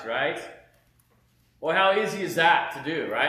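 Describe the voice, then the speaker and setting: A man giving a casual, animated sermon testimony from home, often saying "man" and "right?". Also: on the high side, a little slow, reverberant. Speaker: preacher.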